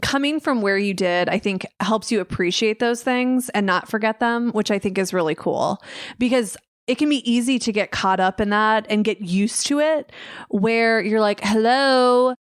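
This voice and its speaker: A woman's voice: mid-range voice, moderate pace, no room sound, studio quality. A woman in her thirties hosting a podcast, chatting and agreeing in an easy, talkative way. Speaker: podcast host, former chief of staff. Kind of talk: casual podcast interview.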